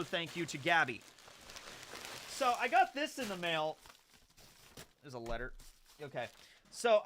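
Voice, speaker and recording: A young adult man hosting a live stream, chatting casually and excitably with frequent laughter. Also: high-pitched, dry recording. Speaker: streamer host.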